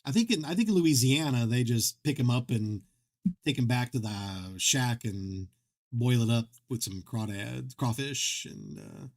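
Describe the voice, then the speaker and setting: A man's voice: mid-range voice, lively intonation, measured pace, vocal fry. Male streamer host; rambling, jokey, self-mocking casual chat. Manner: rambling, self-deprecating, joking, many restarts.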